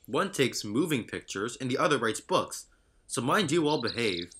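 A man playing a calm, practical engine driver. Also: mid-range voice, moderate pace, background noise, lightly acted. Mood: matter-of-fact. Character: steady adult male engine driver, practical and kindly. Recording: narration over loud music.

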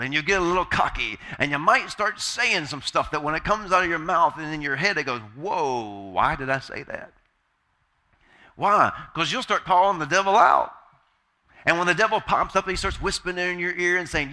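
A man's voice: sits high, a little fast, bright, forceful tone. A man preaching a sermon as pastor, emphatic and repeating key phrases, asking the congregation call-and-response questions.

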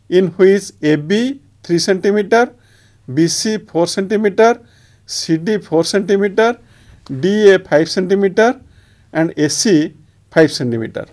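A man's voice: high-pitched, measured pace, darkish tone. A man with an Indian English accent, teaching a maths lesson step by step while writing on a board.

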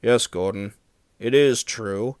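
A man voicing a calm, kindly male railway boss who speaks gently and steadily. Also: on the low side, slow, smooth, dry recording, clean studio sound. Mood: gentle.

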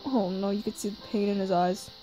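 A woman voicing an older male scientist, gruff but soft-hearted, who talks emotionally, stammers and keeps exclaiming. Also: mid-range voice, steady tone, brisk, soft background music, natural voice, poor audio. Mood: sad. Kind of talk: fan voice acting.

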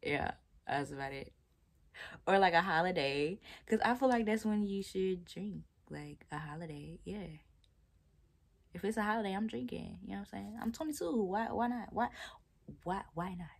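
Taking down her twists, a vlogger in her twenties with a Southern American accent chats casually to viewers, joking and laughing along the way. Her voice is medium-pitched and creaky, with lively intonation at a moderate pace.

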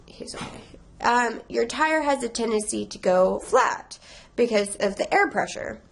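A woman's voice: fairly high pitch, lively intonation, measured pace, vocal fry. A young woman vlogging casually, rambling and emotional, tearful and stressed while laughing through it. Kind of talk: casual confessional vlog.

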